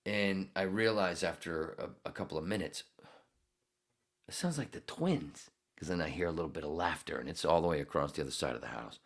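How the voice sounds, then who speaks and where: A man's voice: extremely low pitch, lively intonation, brisk, vocal fry. A middle-aged man hosting a podcast, telling a rambling, profane story with frequent laughs. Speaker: podcast host. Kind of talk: casual storytelling.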